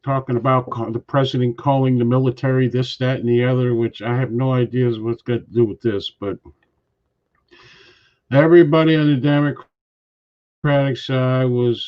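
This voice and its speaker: A man co-hosting a casual political chat show, talking bluntly and grumbling, who keeps clearing his throat and coughing. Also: medium pitch, fairly even intonation, a little fast. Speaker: podcast co-host. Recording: dull lo-fi sound.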